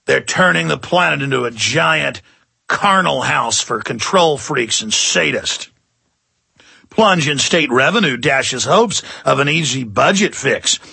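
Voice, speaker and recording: Radio host guy ranting hard, gravelly raspy voice, sarcastic and heated, dry studio sound. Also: medium pitch, sharp tone, dry recording. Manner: heated, sarcastic, mocking with drawn-out "oh"s. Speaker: radio talk show host. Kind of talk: ranting political commentary.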